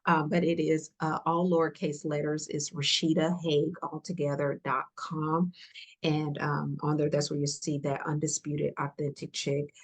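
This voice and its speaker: A woman speaks on a podcast in a low, husky voice with a gravelly edge. She is earnest and heartfelt, repeating her encouragements and often softening into a whisper. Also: little pitch movement, moderate pace. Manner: earnest, repetitive, softly emotional, drops to whispers. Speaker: podcast guest.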